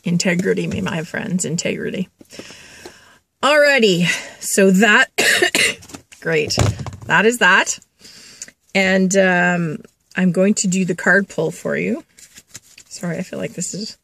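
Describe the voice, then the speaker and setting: A woman's voice: lowish voice, slow, vocal fry, long pauses, fairly bright tone, a little hiss or hum. A woman doing a spiritual reading vlog, chatty and laughing, passing on a spirit's messages and calling her listeners children. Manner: chatty, laughs and coughs between thoughts. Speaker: intuitive reader.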